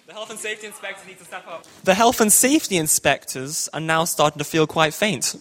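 High-voiced playful man telling a story. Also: a little fast, a bit bright. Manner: playful, ad-libbing, upbeat. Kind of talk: comic storytelling and song leading.

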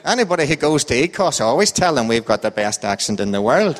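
A man's voice: medium pitch, big pitch swings, a little fast, in a large hall, a little hiss or hum. An Irish man leading an informal Bible talk with a quiz, chatty and joking, with a sing-song voice that goes up and down. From Ireland. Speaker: church group leader.

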